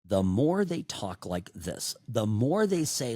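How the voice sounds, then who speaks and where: Male talk radio host, middle-aged, opinionated monologue; lively pitch swings, loud bursts and low asides, dry studio mic. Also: takes it slowly, no room sound. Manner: animated, sarcastic, swings between loud outbursts and low asides.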